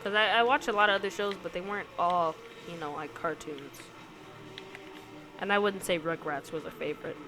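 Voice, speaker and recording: This woman vlogger has a fairly low-pitched voice and a brisk pace as she reads questions aloud and responds in casual chat. Her answers are rambling and hesitant, full of ums and likes, and background music plays behind her.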